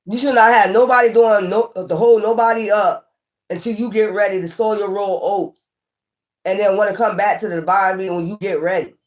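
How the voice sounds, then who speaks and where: Animated woman doing a tarot reading. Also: mid-range voice, a little fast. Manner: animated, scolding, repeats phrases. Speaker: tarot reader.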